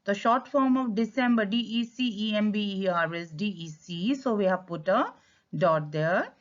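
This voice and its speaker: A woman's voice: medium pitch, moderate pace. A woman with an Indian English accent teaching a grammar lesson, stressing key words and slipping into Hindi to explain. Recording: dull lo-fi sound.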